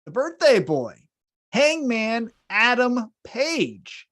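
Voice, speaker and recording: A man's voice: very high voice, huge pitch swings, extremely slow, fairly bright tone. Wry male podcast co-host recapping. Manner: wry, recaps segments like a story and poses questions. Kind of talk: casual wrestling recap narration.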